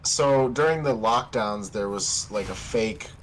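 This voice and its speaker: A man's voice: on the low side, unhurried, a little hiss or hum, low-quality recording. A man chatting with friends during a game stream, explaining things and laughing along. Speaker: gaming companion. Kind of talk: casual chat while gaming.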